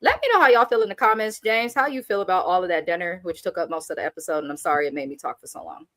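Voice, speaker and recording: A woman's voice: on the low side, expressive, rapid-fire, fairly bright tone, no room sound. Sassy, blunt woman recapping reality TV. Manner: blunt, sassy, reads out viewer comments. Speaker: show co-host. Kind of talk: casual reality TV recap chat.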